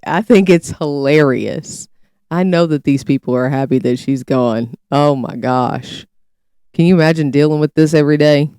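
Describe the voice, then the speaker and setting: A woman's voice: deep voice, normal speed, dark tone, clear, resonant tone, dry recording, studio quality. A woman commentator reacting to a clip with sarcastic, incredulous remarks.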